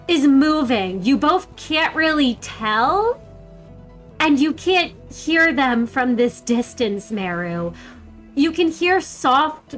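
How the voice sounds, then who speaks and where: A woman narrating as game master of a tabletop role-playing game, describing scenes in a measured way. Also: high voice, fairly bright tone.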